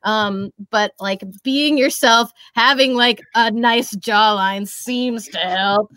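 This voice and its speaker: A woman's voice: a little high, slow pace, pushed and bright, no room sound. A young woman who works as a voice actress, chatting casually in an interview in a bubbly, rambling way with lots of fillers. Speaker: voice actress and social media creator.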